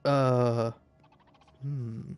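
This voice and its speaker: A man streaming and chatting casually, rambling with lots of profanity and stumbling restarts, breaking into high-pitched rants. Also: level tone, very slow, darkish tone, smooth. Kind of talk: casual chat while gaming.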